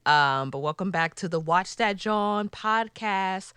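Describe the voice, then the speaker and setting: Bright, crisp-voiced woman podcast co-host. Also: mid-range voice, slow pace, no echo. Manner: playful, teasing, laughs often. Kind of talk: casual chat.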